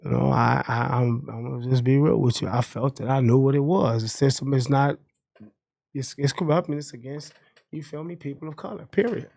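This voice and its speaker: A man in his fifties, a podcast guest, telling his story in an animated, profane way and acting out the courtroom dialogue. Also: medium pitch, brisk, gravelly.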